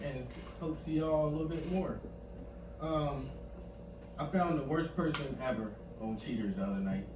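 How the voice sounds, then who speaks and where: Man, comedy club stage, higher voice, echoey room, far from the mic, noisy. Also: moderate pace, dull audio. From Maryland. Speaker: stand-up comedian. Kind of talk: profane stand-up rant. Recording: echoey club from a distance with noise.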